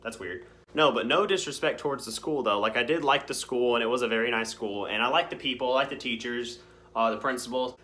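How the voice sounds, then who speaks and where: A young man, telling high school stories in a rambling, casual vlog. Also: a little fast. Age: young adult. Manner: rambling, filler-heavy, animated storytelling. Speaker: vlogger.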